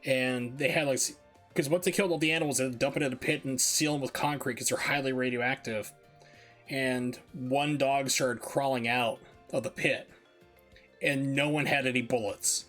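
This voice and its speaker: A man's voice: medium pitch, fairly even intonation, moderate pace, a bit bright, faint music behind. A man streaming a speedrun, chatting casually and rambling with lots of fillers. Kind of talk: casual chat while gaming.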